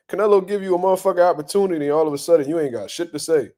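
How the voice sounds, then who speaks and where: A young man hosting boxing talk, ranting bluntly and profanely in a casual, animated way and laughing often. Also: a little high, rapid-fire. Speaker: boxing commentary host.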